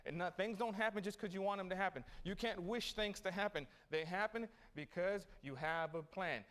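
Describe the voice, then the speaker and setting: Delivering an inspiring graduation speech at a city hall event, a man tells stories with animation and poses questions to his audience. His voice sits high, moving at normal speed with few pauses.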